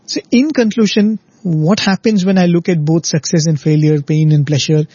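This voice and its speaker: Earnest male speaker, devotional talk, husky voice, dry lo-fi recording. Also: on the high side, steady tone, moderate pace, dark tone, no echo. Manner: earnest, explanatory, often ends points with "right?". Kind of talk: spiritual talk. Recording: dull lo-fi recording.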